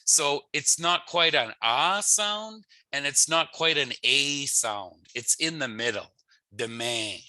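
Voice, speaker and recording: A man with a Canadian English accent teaching a pronunciation lesson in a relaxed, explanatory way, sometimes laughing at himself. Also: fairly high pitch, takes it slowly, few pauses, dry recording. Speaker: language teacher.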